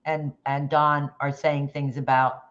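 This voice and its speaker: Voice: mid-range voice, little pitch movement, measured pace, a bit bright, muffled recording. A livestream host chatting casually about a case, rambling with restarts and greeting viewers in the chat by name.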